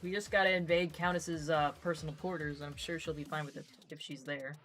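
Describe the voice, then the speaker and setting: A young woman hosts a relaxed stream, chatting and teasing her friends in a bright, clear voice. She reads out viewer comments as she goes. Faint music plays behind her. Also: low voice, fairly quick. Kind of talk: casual chat on a crochet and gaming stream.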